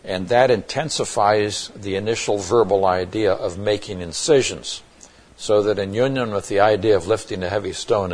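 Deep raspy guy doing a bible study, explaining verses, lots of restarts. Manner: explanatory, with frequent restarts and emphatic asides. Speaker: Bible teacher. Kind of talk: expository Bible teaching.

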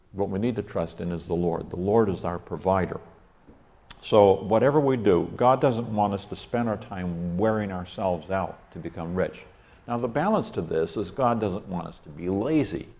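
A man teaching a verse-by-verse Bible study, reading scripture aloud and explaining the Hebrew grammar in a scholarly, unhurried way. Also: deep voice, vocal fry, darkish tone.

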